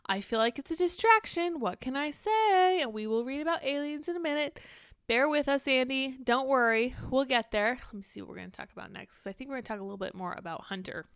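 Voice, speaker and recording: A woman's voice: high voice, vocal fry, a bit bright, clean tone, dry recording, clean studio sound. A woman hosting casual political commentary, reading news aloud with candid, sarcastic asides. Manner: candid, sarcastic, quick to react and digress.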